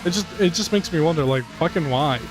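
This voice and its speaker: A man's voice: on the high side, fairly quick. Profane, rambling man ranting over a racing game. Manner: profane, rambling, animated rants. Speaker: gaming commentator. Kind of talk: gameplay commentary, ranting. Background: game music and car engines.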